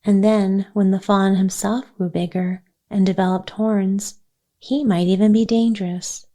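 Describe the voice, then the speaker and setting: A calm, kindly caretaker speaks quietly to comfort the children, as a woman reader puts her on. The voice is warm and mellow, and the words are paced slowly. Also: medium pitch, lightly acted.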